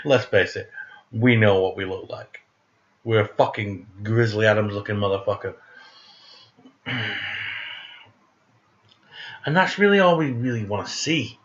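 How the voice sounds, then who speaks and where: A man's voice: mid-range voice, a bit bright, muffled recording. A man ranting in a casual monologue, blunt, profane and sarcastic, who speaks of himself as "we". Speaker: vlogger.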